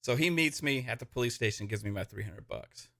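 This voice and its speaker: A man's voice: medium pitch, fairly quick, vocal fry. A man telling a long story in a casual podcast chat, full of fillers and asides. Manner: animated storyteller, many fillers. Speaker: podcast co-host.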